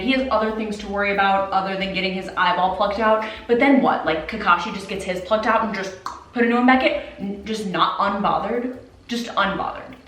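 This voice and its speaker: A woman's voice: mid-range voice, a bit bright. A woman giving casual video commentary, sounding incredulous and exasperated and often breaking into laughter. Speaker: anime commentator. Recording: roomy, distant from the mic.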